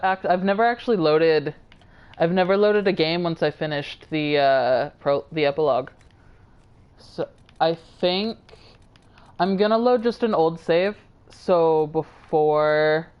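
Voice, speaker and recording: A woman's voice: sits low, clean tone, muffled recording. A tired woman streamer chatting casually and rambling to her viewers while she plays a game. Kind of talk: casual live-stream chat.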